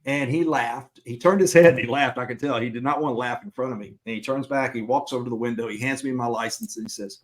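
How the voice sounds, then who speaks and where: A man's voice: mid-range voice, fast, hardly any pauses. A middle-aged man co-hosting a podcast, telling a long personal anecdote in a casual, chatty way and acting out the other people's lines. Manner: chatty anecdote-teller who acts out dialogue. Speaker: podcast co-host.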